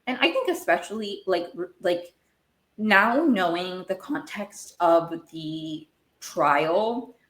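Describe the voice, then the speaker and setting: Rambling woman recapping TV, low voice. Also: lively intonation, slow, fairly bright tone. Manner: rambling, gets worked up and emotional. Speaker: podcast host. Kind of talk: casual TV recap commentary. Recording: echoey room.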